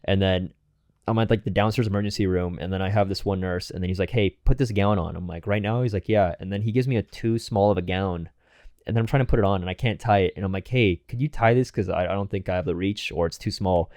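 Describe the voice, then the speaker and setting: A man's voice: low voice, quick pace, darkish tone, no room sound, studio quality. A young man co-hosting a podcast, rambling through a casual anecdote full of fillers and acted-out quotes. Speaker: podcast co-host. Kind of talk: casual storytelling chat.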